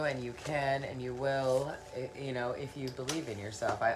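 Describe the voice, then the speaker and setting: Low-voiced woman encouraging live-stream viewers. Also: low-quality recording. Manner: earnest and encouraging, laughs often, repeats phrases. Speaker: spiritual self-help live streamer. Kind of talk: casual live-stream talk, answering viewer comments.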